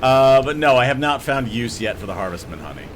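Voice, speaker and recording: A man's voice: medium pitch, very animated, a little fast, slight background noise. A man streaming a video game live, chatting loosely with viewers and swearing as he jokes around. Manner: loose, joking, profane. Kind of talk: livestream gaming banter.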